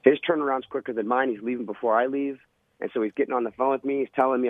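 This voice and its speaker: A man's voice: medium pitch, fairly even intonation, very fast, no echo. A man, a former Navy SEAL, telling a vivid, dramatic story in an interview. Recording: tinny phone-line sound.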